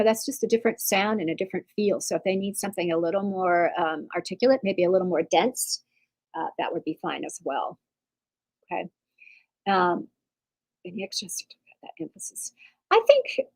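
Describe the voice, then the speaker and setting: This Texan woman's voice is medium in pitch and darkish in tone, captured on a rough recording. Teaching an online percussion masterclass, she chats reassuringly, often using fillers and restarting her sentences.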